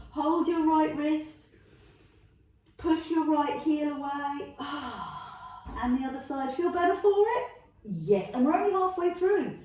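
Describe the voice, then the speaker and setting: High-voiced British woman coaching Pilates, echoey. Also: expressive, unhurried, a little mellow. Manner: upbeat, playful, chatty coaching with laughs. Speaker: Pilates instructor. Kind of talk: live-style workout instruction. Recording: very echoey, distant room sound.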